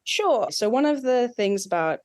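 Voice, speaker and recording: A woman's voice: on the high side, animated, normal speed, darkish tone. A woman with an Australian accent, a dialect coach, explaining at length with asides and examples in an interview. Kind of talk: expert interview.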